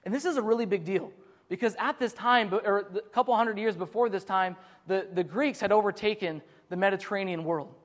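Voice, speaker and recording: A man's voice: high voice, fairly quick. A man preaching a sermon, earnest and explanatory, getting emphatic and often restarting his sentences. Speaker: pastor. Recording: long reverb of a large hall.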